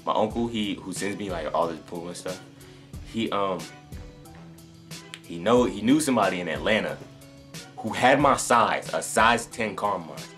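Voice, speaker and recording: A man's voice: low-pitched, expressive, normal speed, long pauses, fairly bright tone, soft background music. A young man from North Carolina, rambling through a casual story to camera with many fillers and restarts. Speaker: sneaker vlogger.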